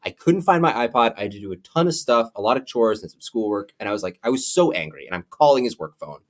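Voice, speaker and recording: Animated young man telling a story. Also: medium pitch, fast talker. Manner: animated storyteller, acts out quotes. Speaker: podcast co-host. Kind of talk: casual chat, storytelling.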